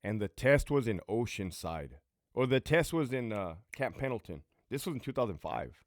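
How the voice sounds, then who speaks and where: This channel host, once a prison guard, is a Southern Californian man in his late thirties spinning loose, foul-mouthed personal anecdotes in an easygoing way. He speaks at a normal speed with medium pitch and lively intonation, captured cleanly in a studio with no echo.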